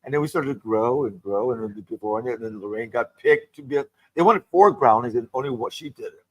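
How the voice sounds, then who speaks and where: An older man, a guest performer, telling animated, gossipy show-business stories in casual chat and acting out the people he quotes. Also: mid-range voice, a little fast, no room sound, dull audio. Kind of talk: casual storytelling. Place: radio studio.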